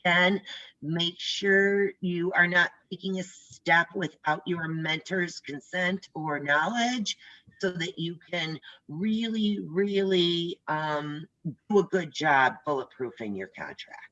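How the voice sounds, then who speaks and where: A woman's voice: on the low side, slow, bright, forceful tone, dull audio. An older woman teaching a class on a video call, chatty and direct, telling stories as she goes. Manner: chatty, tells stories, talks straight to trainees. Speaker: real estate instructor.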